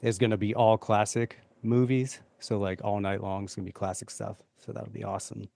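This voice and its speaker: A man hosting a podcast, chatting in a relaxed, easygoing way with fillers. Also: on the low side, fairly quick, creaky, no room sound, studio quality. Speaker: podcast host. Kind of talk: casual chat.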